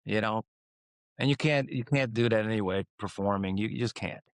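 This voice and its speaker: A man from Croatia, a guest in a casual interview who tells rambling stories with lively swings in his voice. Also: moderate pace, dry recording, clean studio sound. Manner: animated, rambling, acts out quotes with swings in pitch. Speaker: guest singer.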